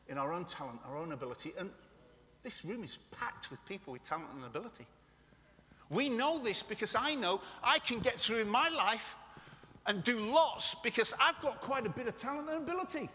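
A man delivers a sermon with passion, breaking off for joking asides to his congregation. His voice sits high and sounds bright and forceful. It carries the long echo of a large hall. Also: big pitch swings, normal speed. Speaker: preacher. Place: church meeting room. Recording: echoey hall.

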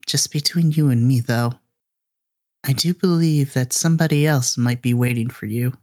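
A man voicing an elderly woman, a gentle longtime family servant, who speaks tenderly and with affection in a tabletop role-play. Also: mid-range voice, moderate pace, natural voice.

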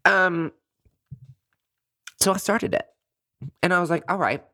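A podcast host telling a comedic personal story in a chatty, animated way, laughing often. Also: mid-range voice, takes it slowly, dry recording, clean studio sound.

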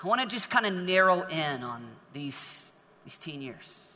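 High-voiced preacher in an echoing hall. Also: male voice, sing-song, unhurried, sharp tone, slight background noise. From northern United States. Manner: storytelling with frequent repetitions and restarts. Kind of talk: sermon.

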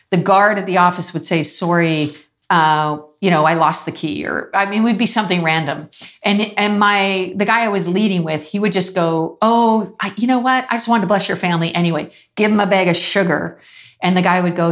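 A woman preaching in a relaxed conversational way, telling stories, acting out the people she quotes and laughing now and then. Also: on the low side. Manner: animated storytelling, acts out quoted voices, laughs often. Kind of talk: conversational sermon with storytelling.

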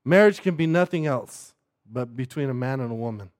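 A man's voice: medium pitch, expressive, a little fast, darkish tone. A man preaching a sermon who keeps asking the listeners "right?" and often repeats words as he restarts his sentences.

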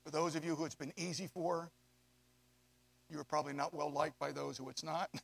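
A man preaching a sermon to young adults, swinging from hushed asides to loud, drawn-out emphasis. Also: fairly high pitch, fairly even intonation, vocal fry. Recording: long hall reverb.

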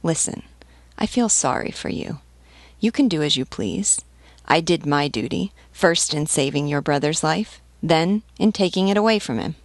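A woman's voice: low-pitched, expressive, normal speed, no echo. A woman reading as a stern elderly nobleman who speaks serenely and persuasively. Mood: solemn. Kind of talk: audiobook reading.

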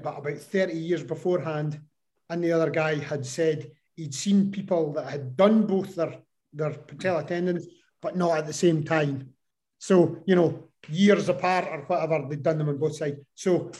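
Guy in a podcast interview, kinda high voice, tells his story loud and lively. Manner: animated, acts out quoted voices. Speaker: interview guest.

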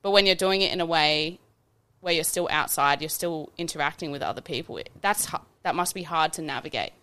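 Woman on a podcast, lowish but really bright voice, thinks out loud, says like a lot. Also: fairly quick, smooth. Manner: reflective, lots of "like" fillers. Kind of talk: casual podcast chat.

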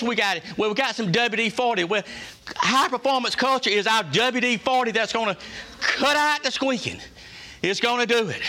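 Folksy man, bright high voice. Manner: folksy, emphatic, repeats phrases and asks the room questions. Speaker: workplace leader giving a culture talk. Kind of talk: preacher-like motivational talk to staff.

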